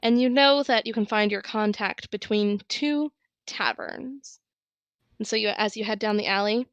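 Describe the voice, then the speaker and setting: A woman narrating a tabletop game as game master, in a casual way with quiet asides. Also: a little high, steady tone, moderate pace, clear, resonant tone, dry recording.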